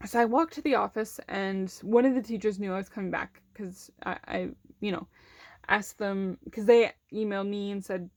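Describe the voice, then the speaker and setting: A young woman chats her way through a personal story in a relaxed, rambling way, full of fillers and little restarts. Her pitch sits in the middle range. She sounds close and dry, with no room echo around her. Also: normal speed. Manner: conversational, many fillers, acts out quoted voices. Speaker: vlogger telling a personal story. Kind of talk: casual storytelling.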